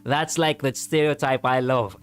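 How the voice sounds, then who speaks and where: A man's voice: mid-range voice, fairly even intonation, measured pace, smooth, faint music behind. A man from Greece with a Greek accent, chatting casually with viewers on a live stream, rambling with many fillers and restarts and laughing easily.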